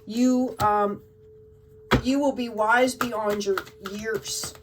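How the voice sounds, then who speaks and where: A woman's voice: a little high, steady tone, extremely slow, recorded from a distance, background noise. A woman giving a tarot card reading to her viewers in an emotional, gushing way, often checking in with "okay?". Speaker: tarot reader.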